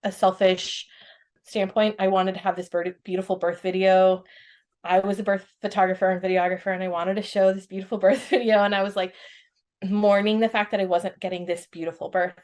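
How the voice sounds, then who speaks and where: A woman in her thirties recounts a personal story as a podcast guest. Her voice sits at an ordinary middle pitch. She is animated, laughs often and acts out the voices of others as she talks. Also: fairly quick.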